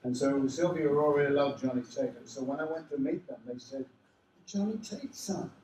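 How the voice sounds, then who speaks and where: An older man with an Australian accent, telling lively anecdotes to a convention audience and slipping into the voices of people he mentions. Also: mid-range voice, brisk, slight background noise. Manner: animated, does voices of people in his stories. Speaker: convention panel guest. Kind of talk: storytelling anecdotes to a live audience. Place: convention hall. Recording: roomy hall, mic at a distance.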